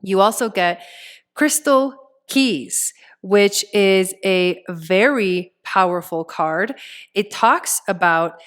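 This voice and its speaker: A woman's voice: medium pitch, animated, takes it slowly. A woman giving a casual tarot reading, talking straight to the viewer in a chatty way with many filler words. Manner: speaks straight to the viewer as "you". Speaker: tarot reader and astrologer.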